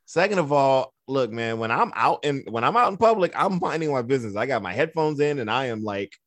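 A man who works as a therapist with kids, telling stories in a relaxed, conversational way and acting out the quotes. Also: mid-range voice, brisk, no echo. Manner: relaxed storyteller, acts out quotes in a raised voice. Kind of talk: casual podcast conversation.

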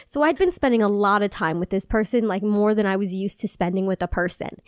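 A woman co-hosting a podcast in casual chat, animated, laughing often and swearing freely. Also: medium pitch, fairly quick, smooth, no room sound, clean studio sound. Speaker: podcast co-host.

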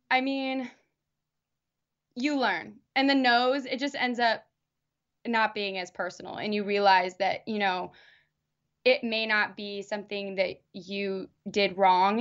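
A young actress chatting as an interview guest, rambling with lots of fillers and restarts. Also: female voice, medium pitch, steady tone, a little slow, a bit bright, dull audio. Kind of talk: casual interview.

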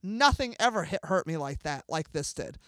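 A woman being interviewed as a guest, telling an emotional story in an animated way and acting out what people said. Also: low-pitched, moderate pace, no echo. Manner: animated, acts out dialogue, swears freely. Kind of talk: emotional first-person storytelling.

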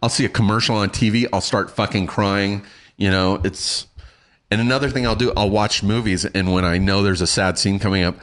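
A middle-aged man telling a story in casual chat, animated and swearing, acting out what people said. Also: lowish voice, a little fast. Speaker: guest.

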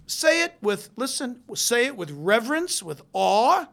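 A preacher delivering a sermon, moving between hushed, intense stretches and loud, emphatic ones. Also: sits high, sing-song, measured pace, vocal fry.

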